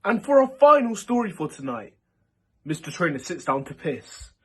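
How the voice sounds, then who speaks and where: A man hosting a parody news show, reading stories in a deadpan style and stumbling over his words. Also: high voice, normal speed. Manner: deadpan, stumbling mock-newsreader delivery. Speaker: host.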